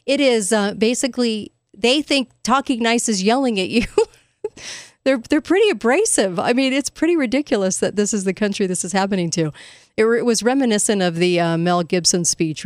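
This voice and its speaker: A woman's voice: mid-range voice, a little fast, dry recording, clean studio sound. A woman hosting a casual commentary monologue, sarcastic and emphatic, laughing at her own points. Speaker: commentary host.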